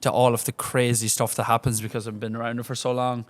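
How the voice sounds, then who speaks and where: An Irish man co-hosting a podcast, telling a bar story in a casual, even-keeled way. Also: medium pitch, fast, no room sound. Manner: even-keeled, level energy. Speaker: podcast co-host and bar worker.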